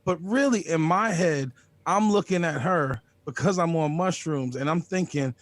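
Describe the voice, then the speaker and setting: Crude, lively male stand-up comic. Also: on the high side, unhurried. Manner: crude, brash, swearing freely. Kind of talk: stand-up comedy set. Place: home, over a video call. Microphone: video call.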